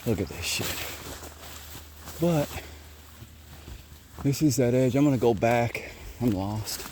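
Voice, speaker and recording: A man's voice: medium pitch, lively intonation, slow. A man training bird dogs in the woods, explaining as he walks and praising his dogs. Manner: calls loudly to his dogs while explaining. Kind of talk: walking field narration to camera. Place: outdoors in the woods. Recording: outdoor field recording with noise. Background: birds and outdoor sounds.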